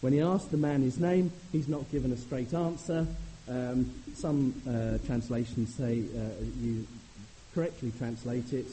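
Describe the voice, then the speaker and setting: Earnest male preacher, dark mellow voice. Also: mid-range voice, measured pace, slight background noise, low-quality recording. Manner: earnest, rises to animated emphasis. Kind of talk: sermon.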